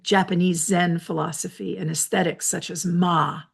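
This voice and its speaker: A woman hosting a reflective solo talk from her office, explaining ideas in a measured, lecturing way with personal asides. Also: on the low side, level tone, vocal fry, breathy edge. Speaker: host.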